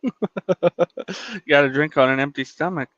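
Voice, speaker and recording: A man's voice: a little high, measured pace, crowd noise. An American man hosting a stream, chatting casually and easygoing, laughing along. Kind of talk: casual chat. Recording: dry dull lo-fi audio.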